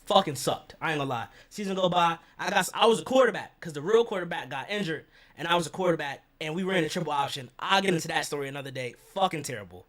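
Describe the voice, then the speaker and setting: A young man with a fairly high voice tells a story from his own life to the camera. He talks in loose, profane slang and keeps slipping into the voices of the people he quotes. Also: lively intonation, fast, few pauses, fairly bright tone. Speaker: vlogger.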